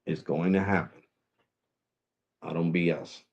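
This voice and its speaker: Tech vlogger, male, lowish voice, loose street-casual delivery, muffled home recording. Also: fairly even intonation, a little slow, a little mellow, husky. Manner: loose, slangy and repetitive. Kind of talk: casual talk to camera. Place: his home.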